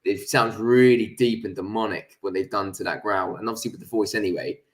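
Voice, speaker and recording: A man's voice: lowish voice, brisk. A young man chatting casually as an interview guest, laughing often and swearing freely over a video call. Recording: echoey room.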